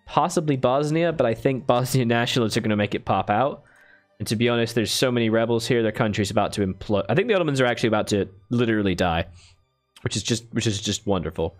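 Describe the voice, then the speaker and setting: In this casual live-stream of a strategy game, a man talks quickly at a medium pitch while soft music plays underneath. He muses aloud in a chatty way and thanks his viewers enthusiastically.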